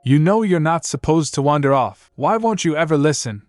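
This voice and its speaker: A man's voice: fairly high pitch, lively intonation, moderate pace, a little mellow, no room sound, clean studio sound, soft background music, pitched above the performer's own voice, natural voice. A man voicing an earnest, protective young woman guardian in a storybook recap, pleading and scolding by turns.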